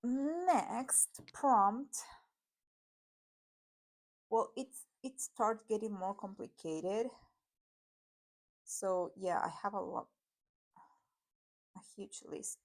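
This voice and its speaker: A chatty woman from Argentina talks through her tarot decks in English, with an Argentine Spanish accent and Spanish as her first language. She rambles through a casual vlog, dropping fillers and quick apologies along the way. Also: mid-range voice. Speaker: tarot YouTuber. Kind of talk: casual deck review vlog.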